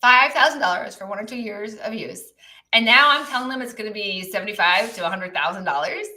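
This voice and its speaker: Bright-voiced woman coaching on a live stream. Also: mid-range voice, animated, a little fast, rough recording. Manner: chatty, reflective, many fillers and asides. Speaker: business coach. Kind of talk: live-stream teaching talk. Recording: live online broadcast.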